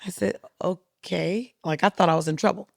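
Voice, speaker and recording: A woman speaker on a podcast as a guest, telling stories in an emphatic, rhythmic and animated way. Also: on the low side, very fast, vocal fry, no echo, studio quality. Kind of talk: storytelling interview talk. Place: podcast studio.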